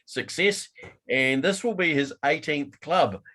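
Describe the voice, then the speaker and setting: A man's voice: on the high side, unhurried, sharp tone. A man co-hosting a sports podcast, reading the news steadily with dry jokes. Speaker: podcast co-host.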